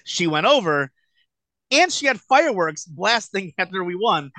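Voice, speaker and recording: A man in his late thirties telling stories in a relaxed, rambling way as a guest in an interview, full of filler words. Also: high-pitched, moderate pace, no echo. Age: late 30s. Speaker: guest wrestler. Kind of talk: casual storytelling in a podcast interview.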